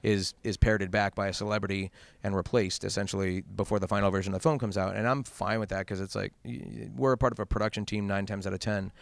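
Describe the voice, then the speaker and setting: A man voice actor being interviewed at a convention, telling stories in a quick, animated way with many restarts. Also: on the low side, gravelly, no room sound. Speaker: voice actor guest. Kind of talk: casual interview chat.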